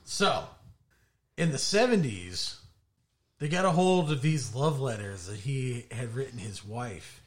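A man's voice: medium pitch, a little slow. A man co-hosting a podcast, telling stories in casual chat and swearing often. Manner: profane, animated storytelling. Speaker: podcast co-host.

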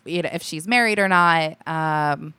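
Young woman guest, lowish smooth voice, dry close mic, chatty with lots of likes. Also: measured pace, bright, forceful tone, no echo. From Alaska. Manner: chatty, laughs often, many likes and restarts. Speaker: podcast guest, comedy writer. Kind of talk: casual chat.

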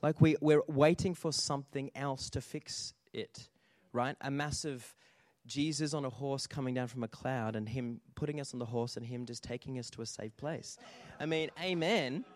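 A man delivering a sermon in an animated, storytelling way, often checking in with the congregation. His voice sits at an ordinary middle pitch. The sound is dry and close, with little room echo. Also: normal speed. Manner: animated storytelling with audience call-outs. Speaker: pastor.

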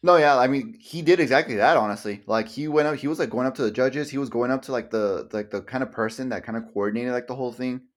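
A man's voice: medium pitch, quick pace, hardly any pauses. Rambling young man, casual swearing. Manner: rambling, full of "like", swears casually, acts out quotes. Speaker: podcast co-host. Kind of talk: casual chat.

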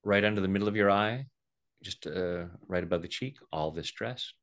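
A man's voice: fairly low pitch, steady tone, fairly quick, fairly bright tone, smooth. A middle-aged man explaining and demonstrating tapping with a playful manner, often acting out the voices of the people he quotes. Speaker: EFT tapping practitioner, guest.

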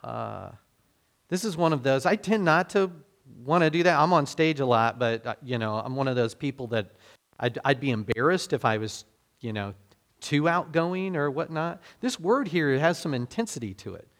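A male pastor preaching in a loose, talky style, stopping to restart his thoughts and filling pauses with ums. His voice sits at a middling pitch. He explains scripture like he is chatting with his congregation. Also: lively intonation. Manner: conversational, self-deprecating, many fillers and restarts. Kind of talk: sermon.

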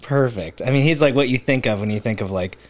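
A man co-hosting a podcast in casual chat, playful and jokey, quick to laugh. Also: medium pitch. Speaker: podcast co-host.

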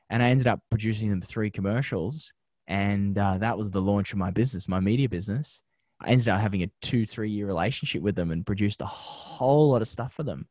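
A man, a TV host and media founder, telling energetic stories in a casual interview, laughing often and using slang. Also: on the low side, fairly quick, no echo, clean studio sound.

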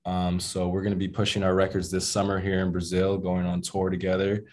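A young American man, a musician, telling stories in a casual interview with laid-back slang and animated retelling. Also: low-pitched, fairly quick. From United States. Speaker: musician and rapper.

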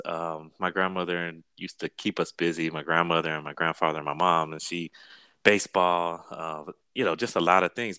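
A man from California, a guest in an interview, telling stories in a relaxed way and laughing often. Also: sits low, clean tone, dry recording. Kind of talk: conversational storytelling.

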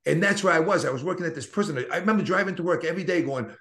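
A man's voice: on the high side, rapid-fire, hardly any pauses, a bit bright. A man in his fifties with a Boston accent, a guest telling his story in a casual interview in an earnest, motivational way, often restarting his sentences. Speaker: network marketing guest.

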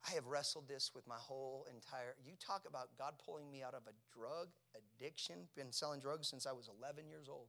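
A man preaching a sermon, asking his congregation questions and swinging from hushed near-whispers to loud shouting. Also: medium pitch, fairly quick, vocal fry, few pauses.

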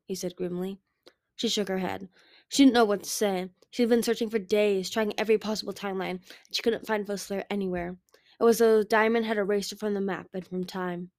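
A woman reading a fantasy novel aloud in a steady manner, with occasional restarts. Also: mid-range voice, a little fast, creaky. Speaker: audiobook reader.

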